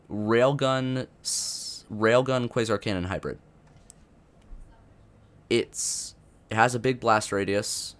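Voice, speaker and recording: A man's voice: on the low side, a bit bright, smooth. A young man giving unscripted commentary on a video game update, rambling with many fillers and restarts. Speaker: gaming youtuber.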